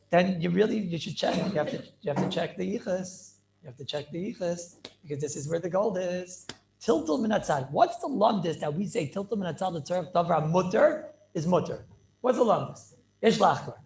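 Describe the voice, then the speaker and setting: A man, a rabbi, teaching a Talmud class over a video call in an excited, rapid way, repeating himself and asking rhetorical questions. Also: high-pitched, gravelly. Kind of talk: animated yeshiva-style lecture.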